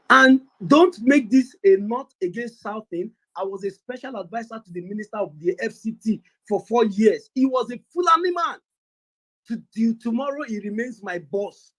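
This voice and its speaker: Man from Nigeria, high voice, defiant, emphatic political argument. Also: lively intonation, moderate pace, a bit bright, rough recording. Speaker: debate participant.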